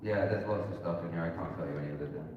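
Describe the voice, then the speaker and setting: A man's voice: low voice, rapid-fire, lo-fi sound, noisy background. A man talking candidly as a guest on a convention panel, rambling and laughing often. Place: large convention hall. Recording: echoey hall recorded from far off.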